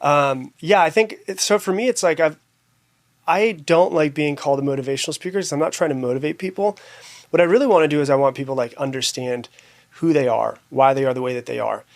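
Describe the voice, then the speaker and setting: A man's voice: a little high, fast, creaky. A man, a podcast guest, telling his own story candidly and reflectively, with many fillers and restarts.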